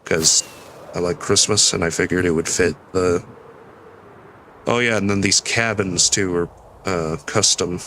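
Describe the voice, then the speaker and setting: A man's voice: low-pitched, steady tone, measured pace, pauses often, bright, forceful tone, a little hiss or hum. A tired young man mumbling and rambling through casual gameplay commentary, with a nasal voice. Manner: mumbling, rambling, self-deprecating. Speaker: streamer.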